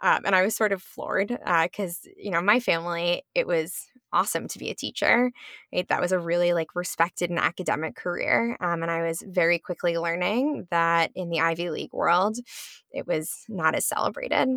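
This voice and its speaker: Gravelly-voiced teacher telling a personal story. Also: female voice, lowish voice, normal speed, fairly bright tone, dry recording, studio quality. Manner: conversational, with frequent ums and likes. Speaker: public school teacher. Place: her home.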